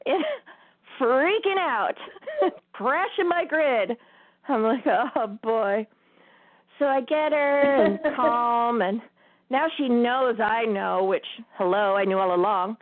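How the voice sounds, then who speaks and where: A woman's voice: high voice, no room sound. A woman hosting a spiritual talk show, telling a story in a casual way and laughing often as she talks. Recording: tinny phone-line sound.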